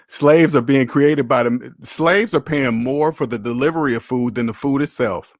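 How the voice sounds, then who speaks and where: A man's voice: mid-range voice, normal speed, few pauses, no echo, studio quality. A man hosting a casual livestream about money, talking bluntly and with lots of swearing, acting out both sides of phone calls. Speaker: finance channel host.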